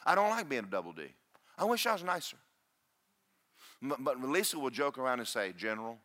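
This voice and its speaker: Pastor, man, booming voice, bright and animated, joking at his own expense. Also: fairly quick. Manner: loud, booming preacher with self-deprecating humor. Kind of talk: sermon. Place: church.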